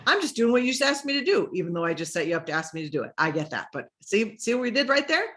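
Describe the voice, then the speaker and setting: Energetic woman coaching on sales. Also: mid-range voice, rapid-fire. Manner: energetic, conversational, acts out sample messages. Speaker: business coach. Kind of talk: coaching talk on social media sales.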